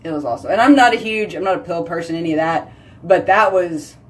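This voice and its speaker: Chatty woman host, casual and animated. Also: on the low side, a little fast. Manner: chatty, heavy use of "like", animated exclamations. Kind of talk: casual chat with viewers.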